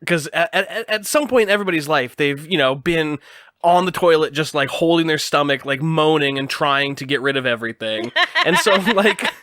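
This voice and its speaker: A man's voice: on the high side, lively intonation, moderate pace, pushed and bright, dry recording, clean studio sound. A man hosting a podcast in a loose, joking chat, swearing freely and laughing often. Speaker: podcast host. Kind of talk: casual comedic chat.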